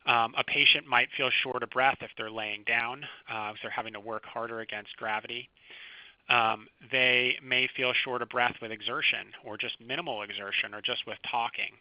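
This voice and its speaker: A man, a physician, giving a recorded medical lecture over slides, explaining clinical signs in a calm, teaching manner. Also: mid-range voice, moderate pace, dry recording. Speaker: physician lecturing first responders. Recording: dry, slightly dull close recording.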